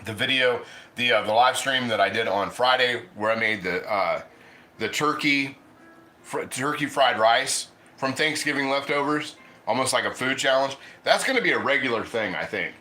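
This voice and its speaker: A man's voice: medium pitch, expressive, normal speed, bright, forceful tone, echoey room. A man hosting a casual cooking livestream, chatting loosely and eating as he talks. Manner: chatty, rambling, eats while talking.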